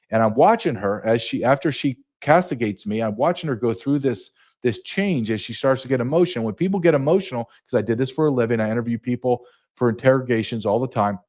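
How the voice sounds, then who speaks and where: A man's voice: mid-range voice, a little mellow. A middle-aged man, a retired border patrol agent, telling a story as a podcast guest, indignant and emphatic. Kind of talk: heated podcast interview.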